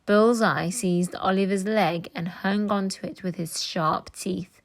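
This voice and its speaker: A woman teacher reading a children's book aloud with clear, expressive storytelling. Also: lowish voice, normal speed.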